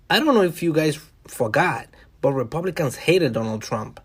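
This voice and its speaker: A man hosting a solo podcast, talking casually and wryly to his listeners in a conversational monologue. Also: on the high side. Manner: conversational, wry, addresses listeners directly. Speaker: podcast host.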